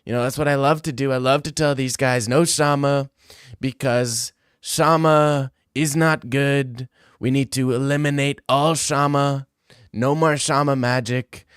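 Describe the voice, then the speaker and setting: Boastful old politician bit, a guy doing it, slow, punchy, repeats stuff, dry close sound. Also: mid-range voice, fairly even intonation, fairly bright tone, clean tone, no room sound, natural voice. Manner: slow, emphatic, repetitive impression. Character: boastful older male politician.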